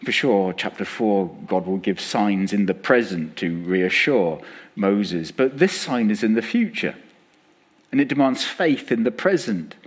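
A man preaching a sermon as pastor, conversational and lively, acting out quotes as he speaks. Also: on the low side, measured pace, breathy edge.

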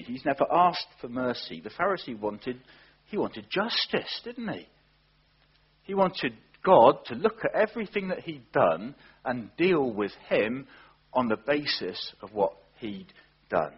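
Slow, husky male preacher. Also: mid-range voice, big pitch swings, highs cut off. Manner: earnest, emphatic, with rhetorical questions. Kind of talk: sermon.

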